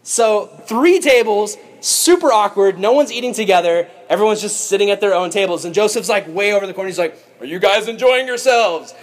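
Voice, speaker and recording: A young man with a high voice retells a Bible story in a casual, jokey lesson. He is animated and playful, tossing in asides as he teaches. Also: a little fast, few pauses. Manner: goofy, joking, animated retelling.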